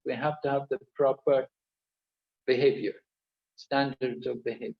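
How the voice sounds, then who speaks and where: A man's voice: mid-range voice, level tone, moderate pace, gravelly. A man teaching an online course, explaining points earnestly and repeating key phrases. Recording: echoey, dull-toned video call audio.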